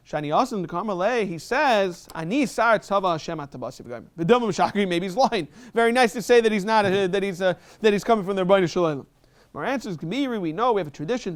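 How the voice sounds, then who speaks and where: A man giving a fast Talmud class in a synagogue, reading Hebrew and Aramaic quotes and explaining them in English. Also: high voice, clean tone. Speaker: rabbi teaching Talmud. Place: synagogue study hall.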